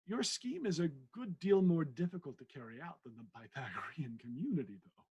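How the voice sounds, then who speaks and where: A man reading the part of a genial middle-aged country vicar and naturalist, in a wry, teasing manner and a husky voice. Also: a little high, animated, fairly quick, highs cut off, pitched above the performer's own voice, exaggerated voice.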